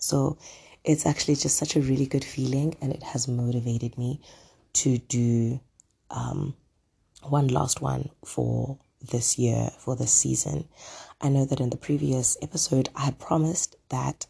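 A podcast host chatting casually on their own, hoarse from a throat illness, rambling with lots of ums and asides. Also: mid-range voice, fairly even intonation, a little slow, dark tone. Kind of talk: casual solo podcast chat. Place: at home.

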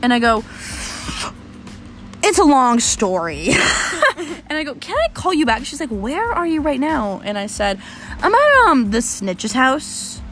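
A young woman telling a story in casual chat, animated and swearing as she talks. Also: a little high, unhurried, a little hiss or hum. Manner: animated, swearing, laughing often.

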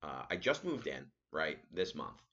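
A man hosting a casual solo podcast, telling a story as an animated rant. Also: rumbling low, unhurried, lo-fi sound. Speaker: podcast host.

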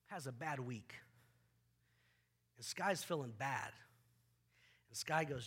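Male pastor, animated sermon delivery, high and bright, repeats words as he goes. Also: takes it slowly, pauses often, breathy edge. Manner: animated, acts out scenes with volunteers, repeats words.

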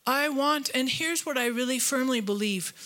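A woman preaching a sermon in a chatty, storytelling way, mixing humor and asides with scripture. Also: normal speed. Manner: animated, voice jumps higher when retelling conflict. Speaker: pastor.

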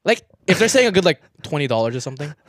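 A young man co-hosting a podcast in casual chat, animated and quick to laugh, often saying dude and man. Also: on the high side, no room sound, studio quality. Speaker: podcast co-host.

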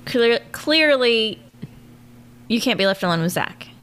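A woman's voice: on the high side, lively intonation, unhurried, fairly bright tone, a little hiss or hum. A woman co-hosting a podcast in casual chat, blunt and teasing, laughing often. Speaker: podcast co-host.

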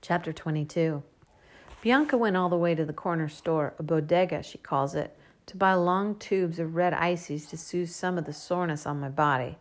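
A woman reads a storybook aloud in the first person, speaking as a young girl. Her voice sits slightly low, and her reading stays lively. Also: normal speed. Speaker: audiobook narrator.

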